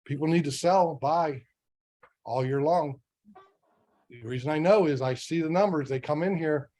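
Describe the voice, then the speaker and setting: A man's voice: fairly high pitch, moderate pace, warm tone. A middle-aged man giving a motivational business training talk to sales agents. He speaks conversationally and keeps asking rhetorical questions. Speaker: real estate sales trainer.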